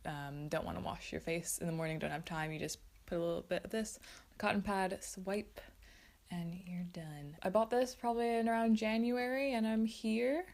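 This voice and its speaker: A woman's voice: medium pitch, fairly even intonation, normal speed, vocal fry, darkish tone. A woman hosting a casual skincare favourites video, chatty and enthusiastic. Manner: chatty, enthusiastic, self-aware. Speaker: beauty vlogger.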